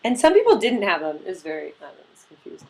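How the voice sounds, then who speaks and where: A woman's voice: medium pitch, wildly swooping pitch, a little mellow, low-quality recording. Giggly woman chiming in on a podcast. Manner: giggly, chiming in with quick remarks. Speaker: podcast co-host. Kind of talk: casual chat.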